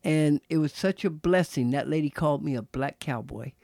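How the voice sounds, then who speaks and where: Brief: middle-aged Texas-raised ex-jockey, gravelly, relaxed storyteller, dry close mic. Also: male voice, on the high side, no room sound. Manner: relaxed, drawn-out storytelling with asides. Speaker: former jockey, interview guest. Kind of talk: casual storytelling.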